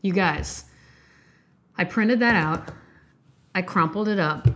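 A woman hosting a late-night podcast, reading a poem slowly and emphatically, then chatting emotionally with listeners. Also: fairly low pitch. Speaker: podcast host reading poetry. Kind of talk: poetry reading and casual chat.

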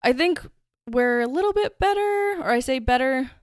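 Smooth-voiced woman hosting a podcast. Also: high voice, lively intonation, normal speed, dry recording, studio quality. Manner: chatty, conversational storytelling. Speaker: podcast host. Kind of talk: casual true-crime podcast narration.

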